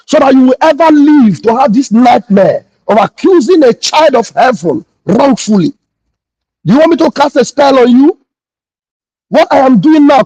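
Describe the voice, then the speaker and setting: A man with a strikingly high voice delivers a morning livestream address, scolding and indignant, and he hammers the same phrases again and again. The sound is dull and lo-fi, and the voice is dry and close with no room around it. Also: warm tone, no room sound. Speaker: pastor and online host.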